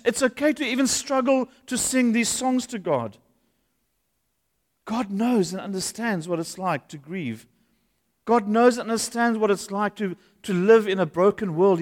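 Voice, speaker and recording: A man, a pastor preaching an earnest, conversational sermon in a church. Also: very high-pitched. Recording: long hall reverb.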